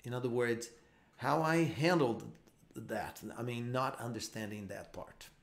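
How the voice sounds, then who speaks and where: A man's voice: mid-range voice, a little slow, gravelly. A man giving a live online English lesson, explaining patiently with frequent repeats and restarts. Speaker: English teacher.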